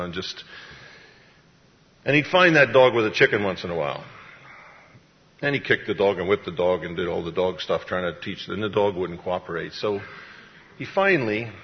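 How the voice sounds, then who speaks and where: A man preaching a sermon as pastor, talking in a folksy, conversational way. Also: sits low. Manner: conversational, folksy storytelling with acted-out voices. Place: church. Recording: dull, echoey church hall sound.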